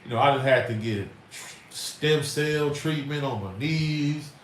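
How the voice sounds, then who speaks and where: A man's voice: medium pitch, a little slow. A middle-aged man, hosting a livestream in an emphatic, rambling, slangy way. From Chicago. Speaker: livestream host. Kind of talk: casual livestream talk. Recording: roomy echo, far from mic, faint noise.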